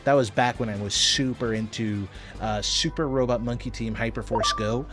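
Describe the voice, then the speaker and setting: A man giving casual gameplay commentary as a streamer, animated and chatty. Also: mid-range voice, moderate pace, loud music behind the voice. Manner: animated, puts on goofy voices when reading dialogue.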